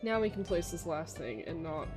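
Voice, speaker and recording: Her voice is deep and very animated as a young woman chats through a game stream at a normal speed, rambling with frequent fillers and restarts. Music can be heard playing behind her.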